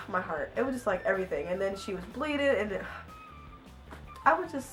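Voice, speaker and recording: A young woman chats through a book review in a loose, gushing way, stacking asides and reactions as she goes. Her voice sits at an ordinary middle pitch. Faint music plays softly behind her. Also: normal speed. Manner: animated, gushing, rambling with many "I was just like" asides. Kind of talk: casual book review chat.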